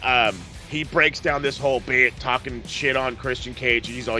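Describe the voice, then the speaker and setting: A man's voice: mid-range voice, steady tone, normal speed, sharp tone, faint music behind. A man hosting a podcast, recapping wrestling in casual, profane, rambling chat. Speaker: podcast host.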